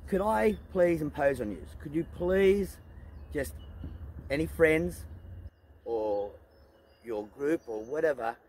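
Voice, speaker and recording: A man's voice: on the high side, animated, takes it slowly, pauses often, a little mellow, a little hiss or hum, rough recording. A middle-aged Australian man vlogging casually outdoors on his farm, rambling earnestly with many fillers and restarts. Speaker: homestead vlogger. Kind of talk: casual talk to camera. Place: outdoors on a farm among goats.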